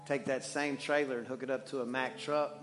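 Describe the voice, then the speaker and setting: A man preaching a sermon in church as the pastor, animated and joking, swinging between loud and hushed. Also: mid-range voice, fairly quick, over music.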